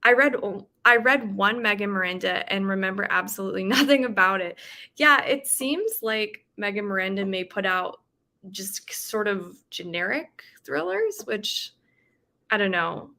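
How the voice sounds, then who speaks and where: A woman talks casually to her livestream viewers, reading out their comments and chatting back. Her voice is bright and clear, with a middling pitch. She fills the gaps with ums and short laughs. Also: expressive, moderate pace. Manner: chatty, with frequent fillers and laughs. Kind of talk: casual chat.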